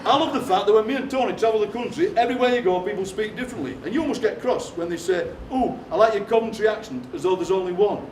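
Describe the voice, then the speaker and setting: Yorkshire comic poet, middle-aged, high for a man, chatty asides, recorded from far off in a roomy hall with background noise. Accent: Yorkshire, Barnsley. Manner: quick, chatty, jokey asides to the audience. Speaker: performance poet. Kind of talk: comic storytelling on stage. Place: theatre stage before a live audience.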